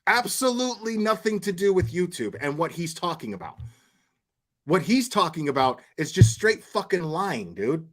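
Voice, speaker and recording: A man doing casual live commentary, telling profane, animated anecdotes and laughing often. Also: sits high, moderate pace. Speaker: commentary streamer.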